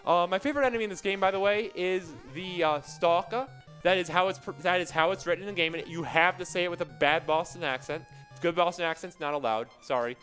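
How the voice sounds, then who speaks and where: Man, high voice, joking speedrun commentary, rambling, faint background music. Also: fast, a bit bright, low-quality recording. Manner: joking, rambling explanations with laughs. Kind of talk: live commentary while playing.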